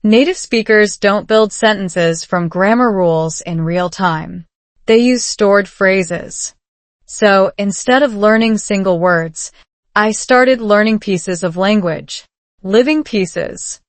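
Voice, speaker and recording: A woman giving calm, measured scripted narration of a story for English learners. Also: medium pitch, dry recording.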